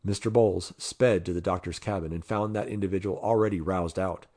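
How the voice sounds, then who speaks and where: A man narrating an adventure novel in a measured way, lifting his voice for the dialogue. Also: steady tone, warm tone. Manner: measured, voices characters with raised pitch. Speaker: audiobook reader.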